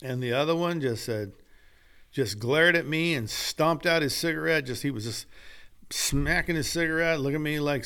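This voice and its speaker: An older man with a smooth, sharp-toned, higher voice speaks at a moderate pace as a guest author on a podcast. In the casual conversation he tells stories earnestly, with the cadence of a preacher.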